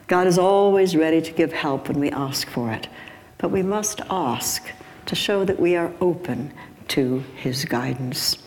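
An older woman preaching a sermon, telling a joke and chuckling often, sometimes acting out voices. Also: low voice. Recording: hall reverb with faint background noise.

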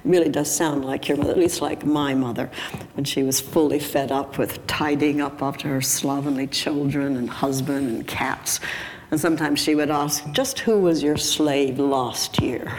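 A woman's voice: low-pitched, darkish tone. An older woman preaching a sermon, telling a joke and chuckling often, sometimes acting out voices. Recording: hall reverb with faint background noise.

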